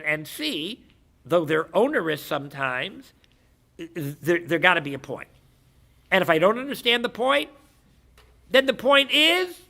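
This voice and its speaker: A man giving a rabbi's lecture, telling stories and acting out the characters, with frequent restarts and sudden shouts. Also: a little high. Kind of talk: animated storytelling lecture.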